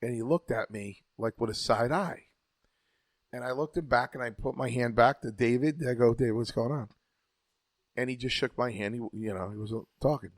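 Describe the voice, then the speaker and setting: A former wrestler who co-hosts a podcast tells a long, rambling, profane story full of stumbling restarts in casual banter. His voice is mid-range at normal speed, with no room sound.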